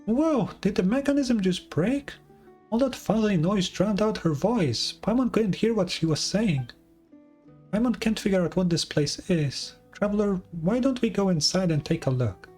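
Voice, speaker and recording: A man voicing a tiny, excitable female companion in a game fan dub, chattering in a squeaky, animated way. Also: moderate pace, faint music behind. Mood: excited. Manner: squeaky, animated, talks about herself in third person.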